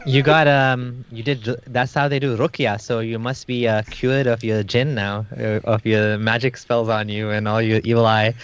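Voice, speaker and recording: A man's voice: mid-range voice, level tone, normal speed, hardly any pauses, clear, resonant tone, muffled recording. A man joining a livestream as a guest, teasing and joking with the host.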